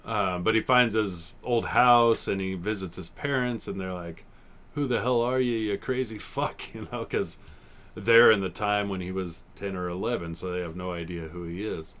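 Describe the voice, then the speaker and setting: Low-voiced, rambling man in his forties. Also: steady tone, normal speed, fairly bright tone. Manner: rambling, swearing, laughs often. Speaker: podcast host. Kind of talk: casual chat reviewing old TV episodes.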